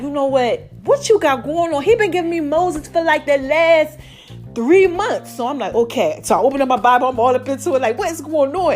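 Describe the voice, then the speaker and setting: A middle-aged woman hosting her own podcast, talking to listeners in an animated, chatty way. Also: high voice. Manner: animated, chatty, calls listeners y'all and baby. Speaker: podcast host. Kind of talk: casual podcast monologue.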